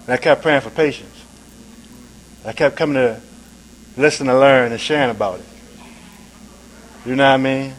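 A man tells his recovery story at a meeting at normal speed, pausing often and dropping "man," "right?" and "you dig?" into casual talk. He shifts from quiet and low to loud and emphatic; the low-quality recording carries a little hiss or hum.

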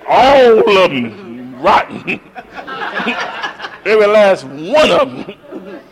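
A man's voice: sing-song, very slow, noisy background, full character voice. A man doing a blunt, scolding old grandma. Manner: scolding, laughing, high and loud.

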